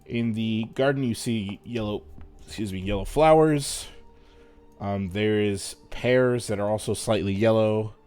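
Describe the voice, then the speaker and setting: A man narrating and running a tabletop fantasy game as game master, in a relaxed, hesitant way. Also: fairly low pitch, a little slow, smooth, faint music behind.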